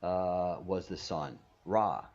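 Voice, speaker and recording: Rambling low-voiced man on muffled call. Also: slow pace, darkish tone. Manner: rambling, many restarts and repeated words. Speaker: stream host. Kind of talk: casual video call chat. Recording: muffled video call audio.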